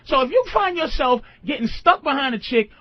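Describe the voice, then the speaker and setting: A man's voice: very high-pitched, animated, fairly quick, no echo. A man giving dating advice as a comedic rant, profane and emphatic, acting out quoted lines in other voices. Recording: dull lo-fi dry recording.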